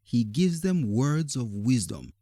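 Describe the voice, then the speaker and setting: A man reading a children's story aloud in a gentle, expressive, deliberate way. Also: mid-range voice, no room sound.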